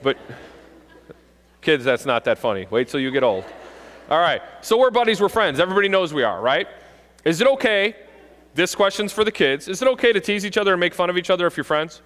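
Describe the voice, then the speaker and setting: A man in his forties, a police officer, giving a joking, animated talk to kids and parents at a school assembly. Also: high voice, fairly quick. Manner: jokey, animated, acts out kids' voices. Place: school gym or auditorium. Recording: long reverb of a large hall.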